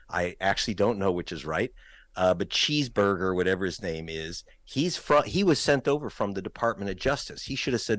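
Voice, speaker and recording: A man's voice: sits low, expressive, a little fast, fairly bright tone, no echo. A man, a guest filmmaker, talking in a political talk show, emphatic and pointed, raising his voice to stress points.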